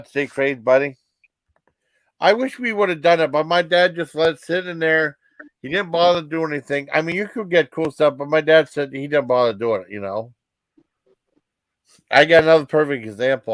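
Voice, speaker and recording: A man in his fifties telling rambling personal stories as a vlog host, halting with many fillers and restarts. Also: fairly high pitch, dry recording.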